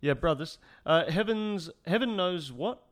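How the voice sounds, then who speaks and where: A man's voice: fairly high pitch, animated, measured pace. A man co-hosting casually and reading out film details in an easygoing way. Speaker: podcast co-host. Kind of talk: casual chat.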